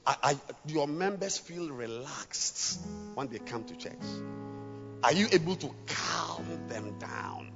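Man preaching a sermon, very animated pitch, hushed readings and shouted calls, dull recording with long reverb. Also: unhurried, gravelly, over music. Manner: swings from hushed scripture reading to shouted exhortation. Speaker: pastor.

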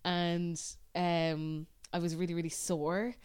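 Irish woman, casual podcast co-host, smooth clear voice, chatty and sweary storyteller. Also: fairly low pitch, level tone, slow pace, a little mellow. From Ireland. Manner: chatty storyteller, swears freely, laughs often. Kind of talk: casual chat.

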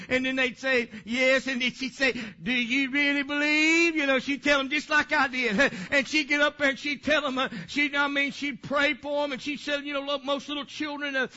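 Preacher guy, rambly and fired up, super bright high voice, muffled old tape. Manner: rambling, fervent preaching with many fillers. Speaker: pastor. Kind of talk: sermon. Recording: dull lo-fi recording.

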